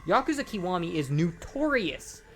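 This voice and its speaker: A man's voice: high-pitched, very animated, moderate pace, soft background music. A tipsy young man rambling and swearing as he commentates his own gameplay. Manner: rambling, heavy swearing, frequent restarts.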